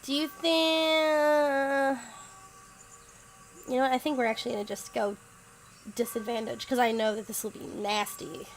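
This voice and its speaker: A woman's voice: high-pitched, level tone, measured pace, pauses often, slight background noise, rough recording. A young woman streaming a story game, chatting casually, thinking aloud and asking her viewers what to pick.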